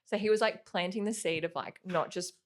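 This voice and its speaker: A woman's voice: fairly low pitch, fairly quick. A young woman casually telling a personal story on a podcast, rambling and filling her sentences with "like". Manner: rambling, heavy use of "like"; animated when quoting.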